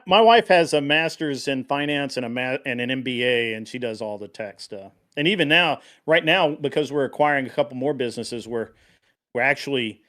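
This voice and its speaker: Man, from Tennessee, halting speech, casual panel debate, remote call. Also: mid-range voice, fairly bright tone. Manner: halting, many restarts. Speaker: panel guest.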